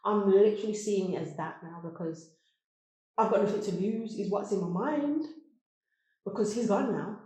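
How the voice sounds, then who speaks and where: A woman's voice: mid-range voice, normal speed. Laughing woman in an echoey room. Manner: animated, laughing while telling stories. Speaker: podcast guest. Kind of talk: emotional personal storytelling.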